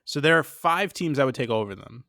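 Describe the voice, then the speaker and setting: A man's voice: mid-range voice, lively intonation, a little fast, sharp tone, no echo, studio quality. A man co-hosting a podcast in casual chat, joking and laughing at himself. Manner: joking, laughing, self-deprecating. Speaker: podcast co-host.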